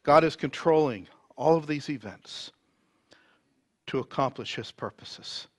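A man preaching a sermon, reading scripture dramatically and swinging from loud emphasis to near whispers. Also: fairly high pitch, measured pace, dry recording.

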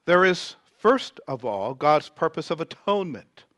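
A man preaching a sermon, reading scripture dramatically and swinging from loud emphasis to near whispers. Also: on the high side, sing-song, a little slow, no room sound.

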